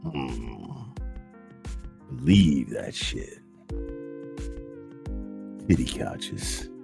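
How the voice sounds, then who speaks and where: A man putting on a slow, gravelly, booming swaggerer. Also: very animated, over music, full character voice. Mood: boastful drawl. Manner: drawling, emphatic crude boasting.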